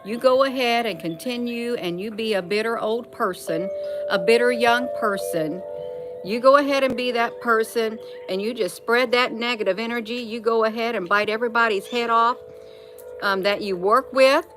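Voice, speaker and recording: A woman's voice: a little high, normal speed, over music. A woman talking casually at home in an opinion vlog, emphatic and repeating phrases to drive her point home. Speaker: vlogger. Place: at home, indoors.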